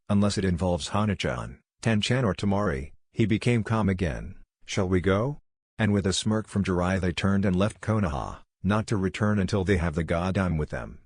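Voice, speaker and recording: Deep-voiced man reading a story, dry. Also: no echo. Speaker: narrator. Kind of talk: scripted fan-fiction narration.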